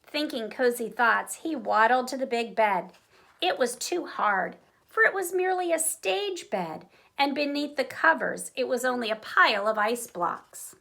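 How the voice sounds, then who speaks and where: A woman reading a children's picture book aloud in an expressive, animated way. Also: a little high, measured pace, creaky. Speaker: storyteller. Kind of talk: children's story read-aloud.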